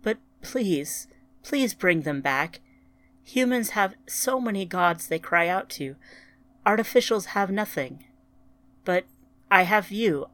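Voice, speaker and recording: A woman's voice: mid-range voice, lively intonation, slow, pauses often, a bit bright. A woman voicing a grieving android. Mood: pleading. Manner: shaking, wailing, pleading. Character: grieving female android, desperate and pleading.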